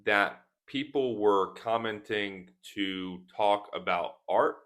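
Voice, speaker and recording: A man teaching English in a slow, deliberate way, repeating single words to show how they are pronounced as he talks to the camera from his desk. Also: on the low side, fairly bright tone. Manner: repeats words for pronunciation practice. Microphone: speaking to camera at a desk.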